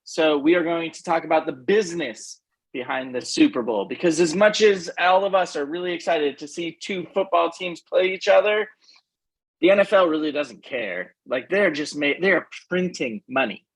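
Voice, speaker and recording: A man's voice: on the high side, breathy edge, rough recording. A man hosting a sports-business segment on a podcast, explaining it in a loose, emphatic way.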